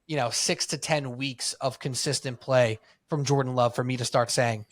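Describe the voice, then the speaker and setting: A man with a New York accent co-hosting a sports podcast, telling stories in a lively way and acting out what people said. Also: medium pitch, normal speed, no room sound. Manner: animated storytelling, acts out quotes. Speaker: podcast co-host. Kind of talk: casual sports chat.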